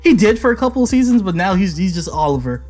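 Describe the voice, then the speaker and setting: Wry joking young man, lively pitch. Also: quick pace, over music. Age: under 40. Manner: joking, wry, does mock voices. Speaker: podcast co-host. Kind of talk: casual chat.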